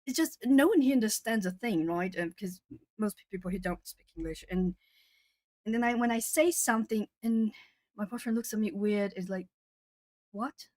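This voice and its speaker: An animated young woman in casual chat with her viewers, laughing often and circling back over her words. Her voice has an ordinary middle pitch for a woman. It is recorded dry, with no room sound. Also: moderate pace, dry recording. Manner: chatty, laughs often, repeats and restarts words. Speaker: art channel host.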